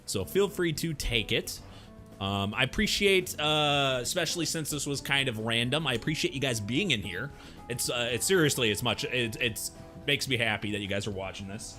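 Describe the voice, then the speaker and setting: Young guy streaming, reading a webcomic and chatting to viewers, bright lively voice, faint music behind. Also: mid-range voice, normal speed. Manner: reads comic dialogue aloud, then chats loosely with viewers. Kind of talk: casual live-stream read-through.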